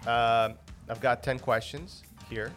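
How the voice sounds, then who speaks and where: A man's voice: mid-range voice, fairly even intonation, slow pace, fairly bright tone, faint music behind. A man whose first language is Portuguese, speaking English with a slight Portuguese accent, co-hosting a podcast in an easygoing, joking way. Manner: easygoing, joking, hesitant fillers. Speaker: podcast co-host asking questions. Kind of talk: casual chat.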